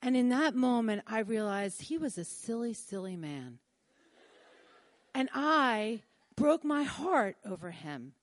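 Animated high-voiced Philly woman storyteller. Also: takes it slowly, dry recording. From Philadelphia. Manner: animated, acts out her own and others' lines. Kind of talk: live personal storytelling.

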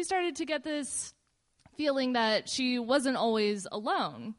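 A woman casually telling a personal story in a relaxed, meandering way, with fillers and pauses. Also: sits high.

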